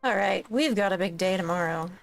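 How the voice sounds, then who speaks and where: A woman's voice: mid-range voice, brisk, vocal fry, soft background music. A woman chatting casually with friends over voice chat while gaming, dry and sarcastic.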